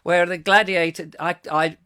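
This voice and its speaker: A man's voice: sits high, fairly even intonation, normal speed, sharp tone, clear, resonant tone. A middle-aged man hosting a comic live chat show, rambling and joking while reading viewer comments. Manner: rambling, chatty, jokey, often laughing. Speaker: host.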